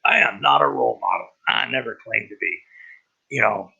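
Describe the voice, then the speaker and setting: A man talking in a rambling personal monologue, halting and profane with many restarts, on a dull lo-fi recording. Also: on the low side, huge pitch swings, vocal fry, pushed and bright, husky. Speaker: vlogger.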